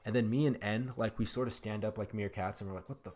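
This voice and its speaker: A man's voice: on the low side, quick pace. A man telling a funny personal story in a casual, rambling way, full of fillers, over game footage. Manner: rambling, filler-heavy, animated. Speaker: gaming YouTuber.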